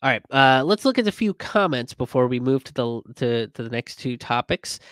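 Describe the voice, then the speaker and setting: A comedian hosting a casual commentary stream, reading viewer comments and talking it through with lots of fillers and restarts. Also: male voice, medium pitch, normal speed, clear, resonant tone, no echo, clean studio sound. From immigrant. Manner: conversational, many fillers and restarts, animated when quoting others.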